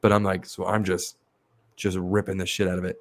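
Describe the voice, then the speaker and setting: Low-voiced man telling rambling stories. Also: brisk. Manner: animated rambling storyteller, swears freely. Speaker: podcast host. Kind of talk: casual podcast chat.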